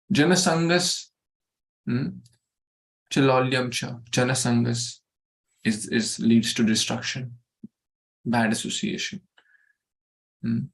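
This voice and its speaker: A man teaching a scripture verse to a study group, going slowly, repeating words and asking the group questions. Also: medium pitch, vocal fry, fairly bright tone.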